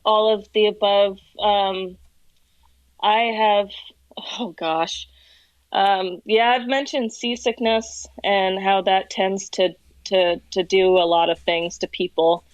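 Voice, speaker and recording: A woman who works as a whale watching tour guide is a guest on a casual podcast, telling stories animatedly and laughing often. Her voice is medium-pitched and she takes it slowly; the recording has no echo but sounds muffled.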